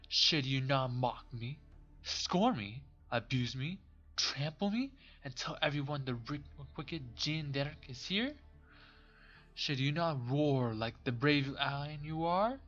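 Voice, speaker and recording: A man reading game dialogue aloud as a cold, vengeful woman saint turned witch, slow, mocking and commanding. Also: medium pitch, expressive, fairly bright tone. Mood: taunting. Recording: dull lo-fi with faint music.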